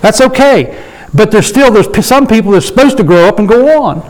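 A man with a high voice leads a Bible study sermon in a relaxed, conversational way. He slows down to read scripture aloud and keeps checking in with his listeners. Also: poor audio. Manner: conversational, asks the room for agreement. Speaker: preacher.

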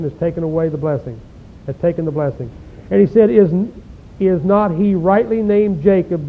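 A man delivers a sermon, reading scripture and stopping to ask his listeners pointed, folksy questions. His voice sits high, and the recording is thin and phone-like with a faint low rumble underneath. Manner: rhetorical questions, folksy asides. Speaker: preacher.

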